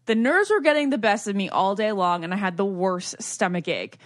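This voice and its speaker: Woman, podcast co-host, casual chat, animated pitch, dry recording. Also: fairly quick, dry recording. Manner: lively, reads stories aloud with animation. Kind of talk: casual chat, reading listener emails.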